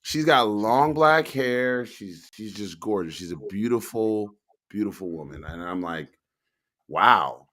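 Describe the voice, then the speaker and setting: A man's voice: lowish voice, lively intonation, a little slow, pushed and bright. A man co-hosting a casual talk show, telling stories in a laid-back, profane way. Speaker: podcast co-host. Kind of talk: casual chat.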